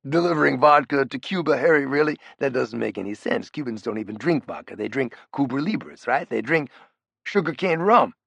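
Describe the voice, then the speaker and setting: A man voicing a brash, profane, big ex-criminal in an audiobook, loud and needling, his pitch jumping up. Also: expressive, brisk, vocal fry, no echo. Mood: incredulous. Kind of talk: audiobook character voice.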